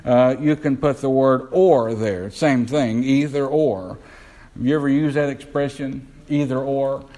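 Male preacher, mid-pitched voice, questioning sermon delivery. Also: dark tone, rough recording. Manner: asks the congregation questions, slows down to stress words.

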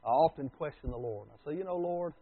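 A husky, slightly high-voiced man preaches, swinging between booming declarations and near-whispered asides. The sound is thin and tinny, like a phone line. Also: fairly quick. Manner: dramatic swings from loud to hushed. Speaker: pastor. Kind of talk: sermon.

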